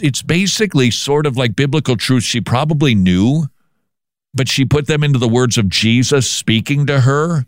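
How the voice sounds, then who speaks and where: A man's voice: medium pitch, dry recording. Man with a dry-sounding commentary voice. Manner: animated, repeats words when restarting. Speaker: podcast host. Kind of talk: casual commentary on news.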